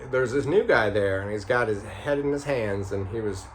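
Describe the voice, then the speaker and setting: A man telling a story casually, rambling and halting with many fillers and restarts. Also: fairly low pitch, animated, a little hiss or hum. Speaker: vlogger.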